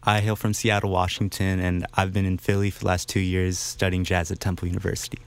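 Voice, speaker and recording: A man, a baritone saxophonist, introducing himself and chatting casually. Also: little pitch movement, fast.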